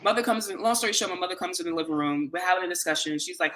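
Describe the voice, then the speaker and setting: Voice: mid-range voice, racing, slight background noise. A host telling a long personal story in an earnest, conversational way, acting out the lines of the people in it. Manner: animated, earnest, conversational, quotes others in dialogue.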